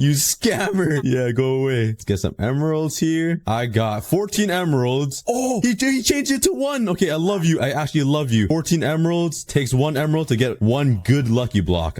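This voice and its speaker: A young man giving casual, excitable gameplay commentary, reacting fast and often laughing. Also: mid-range voice, no room sound. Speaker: gaming YouTuber.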